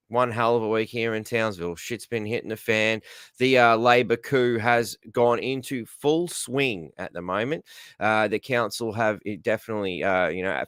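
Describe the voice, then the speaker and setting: A man's voice: fairly low pitch, a bit bright, clear, resonant tone, dry recording, clean studio sound. An Australian man hosting a casual live stream, rambling, swearing freely and greeting viewers by name. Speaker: host.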